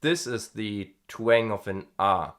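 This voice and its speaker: Guy coaching screams, chill and chatty, slow-talking, kinda low voice. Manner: relaxed, chatty, demonstrates twanged vowels. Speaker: scream vocal coach and vlogger. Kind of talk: casual video lesson with vocal demos.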